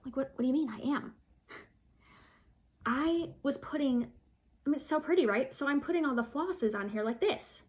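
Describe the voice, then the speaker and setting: A woman's voice: sits high, moderate pace, long pauses, slight background noise. A woman vlogging casually to camera, chatty and self-deprecating, with frequent fillers and laughs. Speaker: flosstube vlogger.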